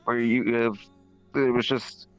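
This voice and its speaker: A man in casual chat on a stream, easygoing and quick to laugh. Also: mid-range voice, flat delivery, soft background music.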